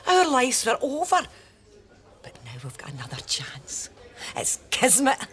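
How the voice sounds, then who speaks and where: A woman's voice: medium pitch, sing-song, a little slow, fairly bright tone. An actress playing a scheming, gleeful wife plotting with her friend. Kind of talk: TV sitcom acting.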